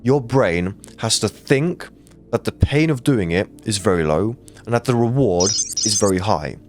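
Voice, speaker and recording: Deep-voiced young man, blunt and swearing. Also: lively intonation, unhurried, soft background music. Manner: blunt, heavy swearing, earnest. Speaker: creator giving life advice. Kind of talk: personal storytelling monologue.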